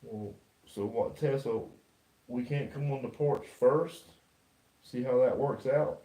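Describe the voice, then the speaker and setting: A man's voice: mid-range voice, takes it slowly, dark tone. A man hosting a livestream ghost hunt inside a house, calling out insistently to a spirit and chatting with his team. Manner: talks out to a spirit, questioning and insistent. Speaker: paranormal investigator and livestream host. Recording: echoey room.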